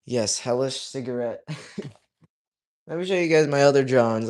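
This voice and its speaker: A young man chatting casually on his livestream while he draws, reading viewers' comments aloud and joking around, his voice swinging from loud to mumbled. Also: medium pitch, measured pace, pauses often. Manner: reads chat aloud, jokey, drifts loud to mumbling. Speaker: livestreaming artist.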